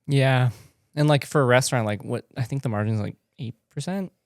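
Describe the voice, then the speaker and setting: Gravelly-voiced man hosting a podcast. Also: mid-range voice, fairly quick, no room sound, clean studio sound. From Canada. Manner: relaxed, conversational, easy laughs. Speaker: podcast host. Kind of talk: casual podcast interview.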